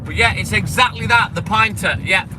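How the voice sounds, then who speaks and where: A man's voice: high-pitched, moderate pace. A man chatting casually to a live stream chat while on his milk round, swearing freely and greeting viewers by name. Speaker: milkman streamer. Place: in a vehicle on a delivery round. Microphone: phone camera. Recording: noisy with street and car sound. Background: car and street noise.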